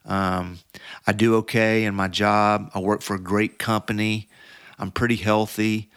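A man's voice: fairly low pitch, little pitch movement, unhurried, a bit bright, clear, resonant tone, no room sound, studio quality. A middle-aged man, a podcast guest, telling a story casually with many fillers and restarts.

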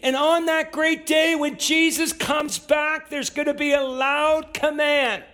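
High-voiced man preaching a sermon. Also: level tone, slow pace, soft background music. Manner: builds to emphatic, shouted exhortation. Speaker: pastor. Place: church with in-person and online audience.

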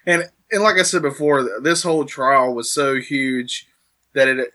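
A man's voice: medium pitch, normal speed, bright, forceful tone. A man co-hosting a casual history podcast, explaining events in an earnest way.

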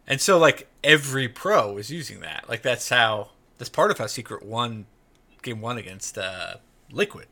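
A man with a bright, forward voice co-hosts a casual gaming podcast. He rambles through his points and leans on filler words. His pitch sits in a middle range. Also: animated, moderate pace. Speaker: podcast co-host.

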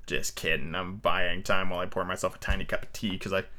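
A man's voice: low voice, flat delivery, quick pace, pushed and bright. A man hosting a podcast, reading a storybook aloud in a casual, irreverent way with offhand swearing.

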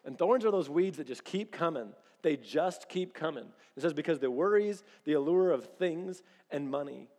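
Pastor, 30s, man, slightly high voice, chatty animated preaching, big echoey hall. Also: moderate pace, few pauses. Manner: conversational, animated preaching with acted-out quotes. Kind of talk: sermon. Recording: long reverb of a large hall.

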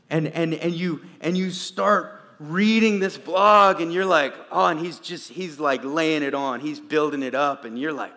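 A man preaching a sermon as pastor, swinging from quiet, low asides to loud, emphatic peaks. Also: steady tone, moderate pace, few pauses. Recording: long reverb of a large hall.

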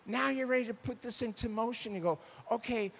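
A man's voice: extremely high pitch, brisk, vocal fry, in a large hall, a little hiss or hum. A man preaching a sermon about marriage, acting out arguments between spouses. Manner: animated, acts out quoted spouses. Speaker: pastor.

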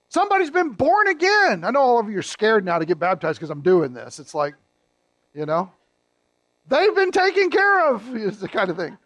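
A man preaching a sermon as pastor, teaching emphatically, reading scripture slowly with stress and turning to the congregation with conversational asides. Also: sits high, no echo.

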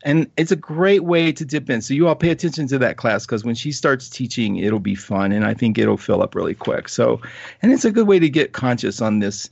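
Chatty animated man telling a story. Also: mid-range voice, a little fast, gravelly, husky, no echo, muffled recording. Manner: chatty, animated, self-mocking, with frequent laughs and "like". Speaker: astrology show host. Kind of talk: casual storytelling monologue.

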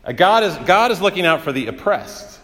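A man's voice: high voice, lively intonation, fairly quick, fairly bright tone, in a large hall. A man preaching a sermon as pastor, in a conversational way with frequent "uh" fillers and vivid everyday examples.

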